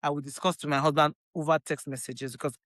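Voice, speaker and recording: A woman with a Nigerian accent, a podcast guest, telling her story in an animated, emphatic way and often repeating phrases. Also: deep voice, fast, dry recording. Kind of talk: casual chat.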